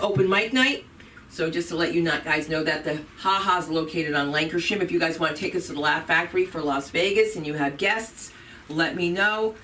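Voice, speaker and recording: A woman's voice: lowish voice, a bit bright, distant mic, slight background noise. A woman hosting a live comedy show, chatting casually with some swearing, then giving announcements and bringing up a comedian. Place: comedy club stage.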